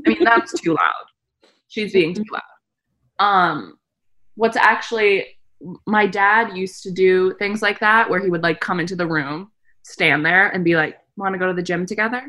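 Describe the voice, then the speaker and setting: Bright-voiced woman telling stories animatedly. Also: a little slow. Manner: animated storytelling, acts out quotes with big pitch jumps. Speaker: podcast co-host. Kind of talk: casual chat.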